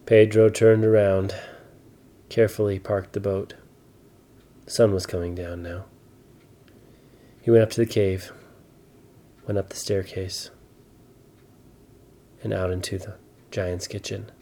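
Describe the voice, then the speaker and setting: A man telling an improvised bedtime story to a child, slow and gentle. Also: lowish voice. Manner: slow, soft, animated voices for dialogue.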